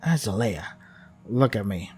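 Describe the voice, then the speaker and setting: A man reading a calm, teasing young woman. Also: lowish voice, a little slow, faint music behind. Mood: tender.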